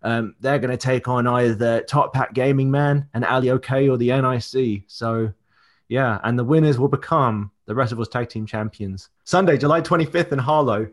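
A man's voice: mid-range voice, normal speed. A man on a casual podcast, a wrestler chatting loosely as he reels off an upcoming match card with plenty of fillers. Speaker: wrestler and promoter guest.

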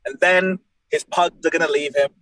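Animated man with a dry sound. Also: a little high, normal speed, no room sound, rough recording. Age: late 20s. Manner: animated, jokey storyteller. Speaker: professional wrestler, guest. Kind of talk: casual podcast chat.

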